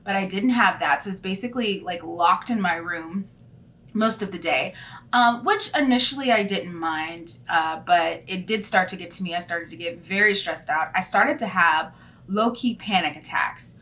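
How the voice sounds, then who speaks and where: A woman's voice: fairly low pitch, normal speed. A woman in her thirties, a teacher, talking candidly in a casual vlog with plenty of fillers. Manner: candid and animated, lots of fillers.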